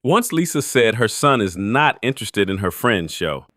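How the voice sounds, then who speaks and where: Low-voiced male narrator, dry. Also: sing-song, moderate pace, a bit bright, dry recording. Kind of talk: scripted voice-over narration.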